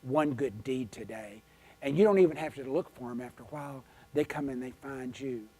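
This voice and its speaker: A man giving a conference keynote, telling folksy stories with an animated, emphatic delivery. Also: mid-range voice, a little fast, slightly rough. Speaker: keynote speaker. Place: conference hall.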